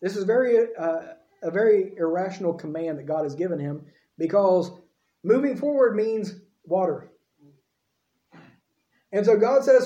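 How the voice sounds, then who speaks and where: A man's voice: high voice, animated, measured pace, mellow, reverberant. Guy preaching a sermon, chatty folksy asides, kinda muffled lo-fi recording.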